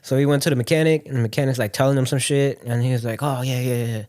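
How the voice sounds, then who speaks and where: A young man co-hosting a podcast tells a story in casual conversation, speaking at a quick pace with a medium-pitched voice. He's animated and swears freely, acting out the voices of the people he quotes.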